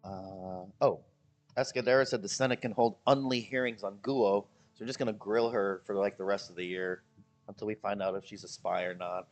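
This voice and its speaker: A man's voice: on the low side, moderate pace, soft background music. A man hosting a casual livestream, chatting with viewers and ranting with jokes and mocking voices. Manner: animated, joking rants with mocking voices. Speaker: livestream host.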